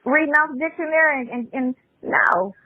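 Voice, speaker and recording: A woman's voice: sits high, a little fast, dry recording. A woman chatting casually and defensively on a call. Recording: tinny dry phone line.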